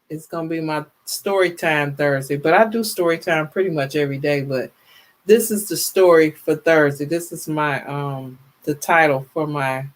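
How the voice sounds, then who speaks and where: A deep-voiced woman in her 50s hosts a laid-back livestream, reading comments from viewers. Worn out and tired, she's still animated and chatty, often laughing and referring to her audience as "y'all."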